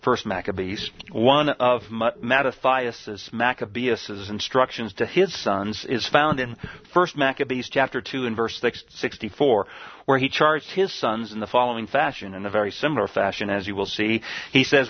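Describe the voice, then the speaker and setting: Male preacher, mid pitch, deliberate sermon delivery, lo-fi dry recording. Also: no room sound. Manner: slow emphatic scripture quoting, some restarts. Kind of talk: sermon with scripture reading.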